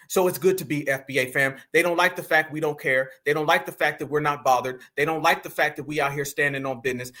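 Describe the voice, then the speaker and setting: A man's voice: fairly high pitch, bright, forceful tone. A man hosting reaction commentary, preachy and mocking, repeating points and firing rhetorical questions. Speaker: commentary host.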